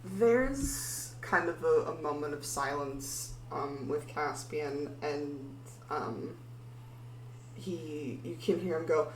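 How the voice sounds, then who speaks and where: A woman's voice: sits low, slow pace. A woman narrating as game master of a tabletop game, hesitant and full of filler words. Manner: hesitant, full of ums and likes. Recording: echoey room, far from mic, faint hum.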